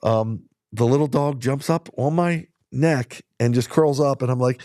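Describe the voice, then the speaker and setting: A man's voice: medium pitch, moderate pace, a little mellow, no room sound, clean studio sound. A middle-aged man, a dog musher, chatting casually to his viewers and telling rambling stories full of fillers and restarts. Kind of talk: casual talk to viewers while out on a ride.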